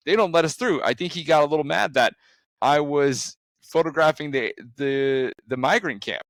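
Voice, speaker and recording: Man telling a story, dry close sound. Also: dry recording. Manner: animated storytelling with sudden rises in pitch; frequent restarts and fillers. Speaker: conservation photographer. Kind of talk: recounting an adventure story.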